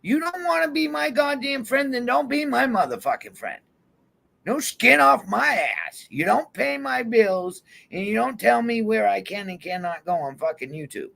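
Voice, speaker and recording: Gravelly high-voiced man ranting. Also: animated, normal speed, bright, forceful tone. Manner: heated, swears constantly, addresses people directly. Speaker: YouTube vlogger. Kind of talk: angry profane rant to camera. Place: van.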